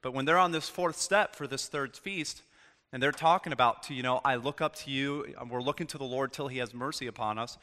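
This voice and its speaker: A man's voice: medium pitch, fairly quick. A man giving an informal sermon to a group, casual and chatty, telling stories and acting out little exchanges. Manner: casual, chatty, animated storytelling. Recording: long hall reverb.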